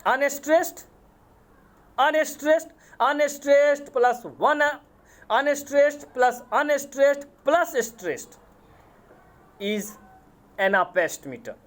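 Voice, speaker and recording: A man with an Indian accent, a college English lecturer giving a lecture, speaking deliberately, repeating terms and spelling words out letter by letter. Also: very high-pitched, fairly bright tone. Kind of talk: classroom lecture on poetic meter.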